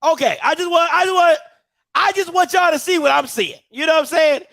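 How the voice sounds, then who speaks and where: A man hosting a live stream, reacting loudly and excitedly to video clips. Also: very high voice, fairly quick, creaky, dry recording. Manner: excitable, shouting and laughing at clips. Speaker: host.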